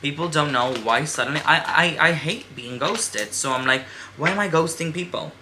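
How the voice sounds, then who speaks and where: A woman's voice: deep voice, moderate pace, background noise. A woman in her twenties chatting candidly and emphatically while doing her makeup, swearing freely. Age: 20s. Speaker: beauty vlogger. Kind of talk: casual get-ready-with-me chat.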